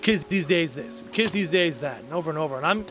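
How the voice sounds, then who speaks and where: A man's voice: fairly high pitch, expressive, brisk, a bit bright, soft background music. A man gaming at home and talking to his viewers, ranting in a blunt, opinionated way and repeating his key points for emphasis. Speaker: gaming YouTuber and streamer. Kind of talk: casual rant while playing a game.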